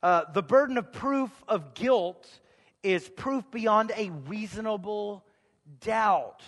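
A pastor preaching a conversational sermon, shifting between quiet asides and sudden shouts. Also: male voice, high voice, animated, takes it slowly, in a large hall.

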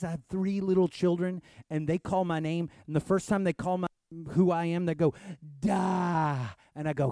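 A man's voice: fairly high pitch, darkish tone, no room sound. A man in his thirties preaching a sermon, answering questions in a conversational way that builds to emphatic peaks. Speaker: pastor.

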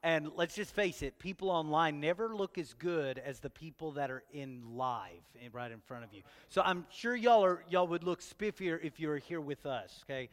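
A man's voice: fairly high pitch, moderate pace, hardly any pauses. A pastor, preaching a sermon and joking with his congregation, asking them question after question. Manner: playful, talks straight to the congregation with questions. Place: church hall. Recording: long church hall reverb.

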